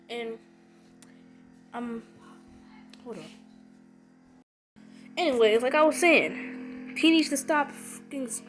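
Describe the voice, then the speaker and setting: A woman's voice: sits high, poor audio. A woman channel host talking to her viewers from home in a rambling, repetitive, emphatic casual rant.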